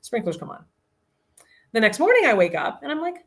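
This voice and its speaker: A woman guest on a podcast, telling a funny story in casual chat with lots of laughter and quick asides. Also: on the high side, big pitch swings, fairly bright tone.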